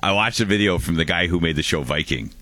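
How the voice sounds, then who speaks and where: A man's voice: deep voice, fast talker, bright, forceful tone, no echo. A man hosting a radio show, chatting playfully with many restarts and laughs. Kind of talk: casual on-air banter.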